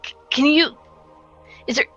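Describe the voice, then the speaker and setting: A woman's voice: a bit bright, dry recording, highs cut off, soft background music, lightly acted. Woman playing a flustered former nurse. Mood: anxious. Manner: anxious, soothing, hurried.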